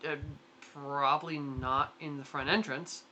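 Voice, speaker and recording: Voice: medium pitch, steady tone, unhurried, dull audio, crowd noise. A game master narrating a tabletop role-playing game in a rambling way, full of fillers and restarts. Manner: rambling, lots of likes and restarts.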